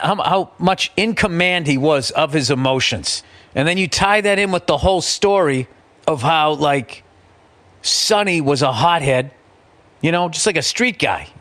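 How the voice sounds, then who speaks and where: A middle-aged man hosting a podcast, telling a story in a casual, profane, animated way and slipping into quick impressions. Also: a little high. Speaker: podcast host.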